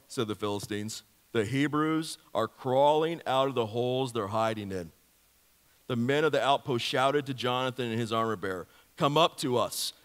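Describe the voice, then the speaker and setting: A male pastor delivers a sermon in a mid-pitched voice, animated and playful as he spins a story and keeps asking the congregation questions. His words carry a long church reverb, the sound hanging in a large hall. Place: church sanctuary.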